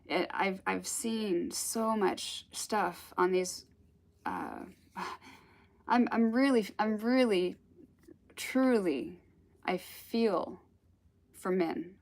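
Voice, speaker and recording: A woman's voice: medium pitch, very slow, pauses often. A woman giving a casual spiritual talk, telling stories in a rambling, chatty way. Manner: rambling, chatty storytelling with laughs. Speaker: spiritual teacher.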